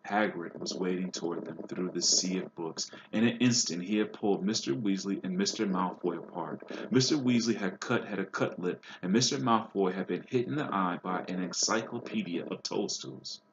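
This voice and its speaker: A man reads a novel aloud in a plain, patient way, pausing to explain harder words. His voice is very low. The recording is dull and lo-fi with steady hiss behind it. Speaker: reader.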